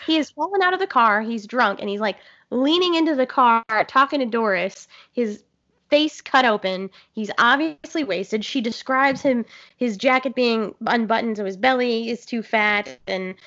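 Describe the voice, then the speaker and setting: A woman's voice: a little high, normal speed, a bit bright. A woman in casual movie talk, blunt, profane and enthusiastic as she gushes over scenes. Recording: dull lo-fi sound.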